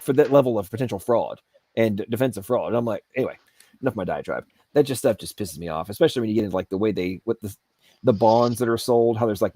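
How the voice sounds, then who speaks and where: A man's voice: fairly low pitch, darkish tone, no room sound. A man hosting an aftershow, ranting heatedly and sarcastically about government waste. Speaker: show host. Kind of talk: aftershow rant. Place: Asheville home studio.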